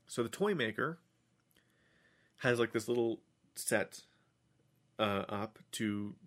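Male podcast host, lowish voice, loose rambling recap delivery. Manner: rambling, many restarts and fillers. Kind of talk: casual recap of a TV episode.

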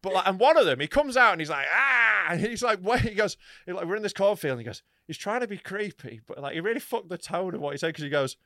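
A man's voice: sits high, sing-song, fast talker, few pauses, a bit bright, no room sound, studio quality. A young man telling a story in casual podcast chat. He swears freely and acts out the people he describes. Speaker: podcast co-host.

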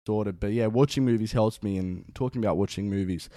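A young man, co-hosting a casual podcast chat, animated and swearing often. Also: on the low side, fairly quick, dry recording, clean studio sound. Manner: animated, swears a lot, many fillers. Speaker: podcast co-host.

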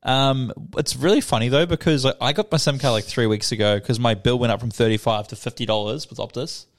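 A young Australian man rattles through a casual podcast chat at a quick clip. He swears freely and acts out his own stories. His pitch sits in a middle range. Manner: swearing, storytelling, animated retelling. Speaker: podcast co-host.

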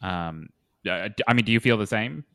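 A young man hosting a comedy podcast, deadpan and gently teasing. His voice is low, bright and forceful, and the sound is close and dry. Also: moderate pace, gravelly, no echo. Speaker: podcast host. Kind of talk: casual comedic interview.

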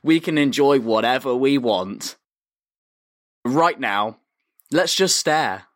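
A man's voice: mid-range voice, expressive, slow, no room sound, studio quality. A man co-hosting a podcast, talking in loose, rambling casual chat. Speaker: podcast co-host.

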